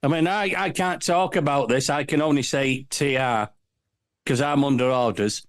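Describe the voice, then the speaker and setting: A man in a casual satirical chat, making deadpan wisecracks. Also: medium pitch, moderate pace, no echo, studio quality.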